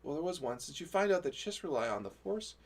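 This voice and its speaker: A man's voice: a little high, very animated, quick pace, slight background noise. A man hosting a casual livestream chat, rambling and restarting his sentences and laughing often. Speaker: livestream host.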